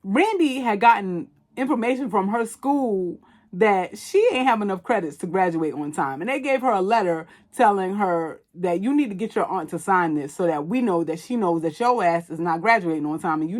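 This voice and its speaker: A woman hosting a podcast, recapping a movie in animated, casual storytelling full of slang and profanity. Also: lowish voice, fairly quick. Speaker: podcast host.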